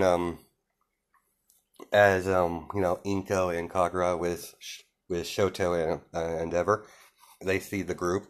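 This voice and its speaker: A young man casually retelling a fan-fiction story, rambling with lots of fillers and restarts. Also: low-pitched. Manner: quotes characters without doing voices.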